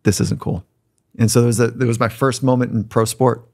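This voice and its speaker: A middle-aged man, a podcast guest, candidly telling animated stories with some swearing. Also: mid-range voice, fast talker, dry recording, clean studio sound. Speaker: podcast guest, sport psychologist. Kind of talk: storytelling conversation.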